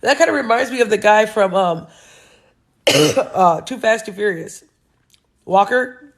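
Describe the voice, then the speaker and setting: Gravelly-voiced woman riffing on the news. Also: medium pitch, lively intonation, unhurried, a little hiss or hum. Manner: blunt, sarcastic, laughs often. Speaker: show host. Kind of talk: casual commentary reading news aloud.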